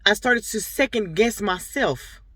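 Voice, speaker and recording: A woman's voice: mid-range voice, lively intonation, a little slow, fairly bright tone, dry recording. A young adult woman talking straight to her viewers in a casual vlog, telling stories in an earnest, rambling way full of fillers. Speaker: vlogger and boutique owner. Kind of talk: casual personal vlog talk.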